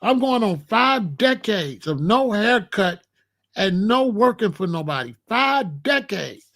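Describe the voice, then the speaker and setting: Emphatic high-voiced man in his sixties. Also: very animated, fairly bright tone. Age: 60s. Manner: emphatic, repetitive, drawn-out phrasing. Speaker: show host. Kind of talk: casual monologue.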